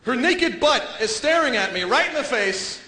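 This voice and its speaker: A male comedian performs a stand-up set, his voice high, lively and bright. He jumps into silly character voices along the way. The sound is echoey, with faint noise behind it. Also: moderate pace. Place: comedy stage before a live audience.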